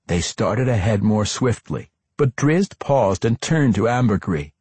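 A man narrating a fantasy audiobook in an expressive, dramatic reading with character voices. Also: fairly low pitch, a little slow, breathy edge, dry recording.

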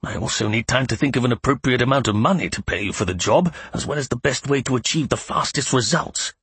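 A man's voice: mid-range voice, sing-song, normal speed, breathy edge, heavily acted. A man reading an audiobook, voicing a terse, businesslike male shopkeeper in a matter-of-fact way.

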